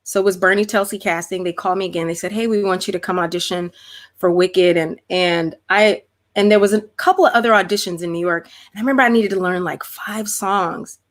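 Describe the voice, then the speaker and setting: A middle-aged woman, a guest performer, chats animatedly on a video call, talking with her hands in words and using lots of restarts, fillers, and "like." Her voice is on the low side and fairly quick.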